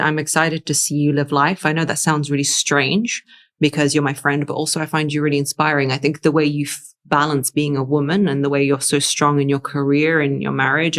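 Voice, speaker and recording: Young woman, podcast host, low voice, chatty, frank, casual interview chat. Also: flat delivery, fairly quick. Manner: chatty, frank, with fillers like "like" and "you know".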